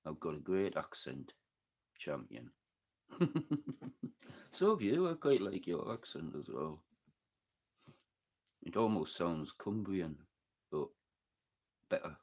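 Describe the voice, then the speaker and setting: A man with a northeast English accent hosts a loose, rambling livestream, reading out comments and riffing on them. His voice sits very low but swings widely in pitch as he jokes, swears freely and drifts off topic. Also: very animated, slow pace, pauses often, a little mellow. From northeast England. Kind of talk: casual chat reading live comments.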